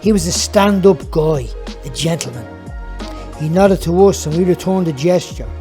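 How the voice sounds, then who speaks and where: Mellow-voiced man reading his memoir. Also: fairly high pitch, moderate pace, soft background music. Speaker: author narrating his own book. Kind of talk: audiobook narration.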